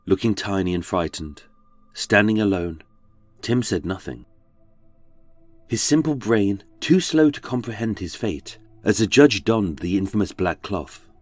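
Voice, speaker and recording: A man's voice: lowish voice, a little mellow, no room sound. A man with a British accent, narrating a true-crime podcast in a dramatic, darkly wry storytelling manner. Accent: British English.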